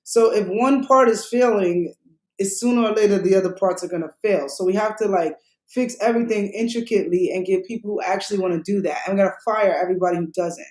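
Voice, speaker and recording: A woman running for mayor, talking passionately in a fast, rhythmic way on a podcast interview. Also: medium pitch, darkish tone, reverberant, poor audio. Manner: passionate, rapid, rhythmic talk. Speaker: mayoral candidate.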